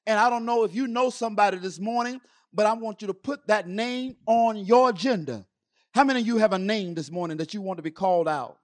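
A man's voice: high-pitched, fairly bright tone. A middle-aged man preaching a sermon to a congregation with impassioned, repetitive calls. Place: church service.

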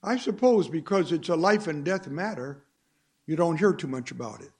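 A man's voice: a little high, breathy edge. A man preaching a sermon to a congregation, emphatic and full of rhetorical questions.

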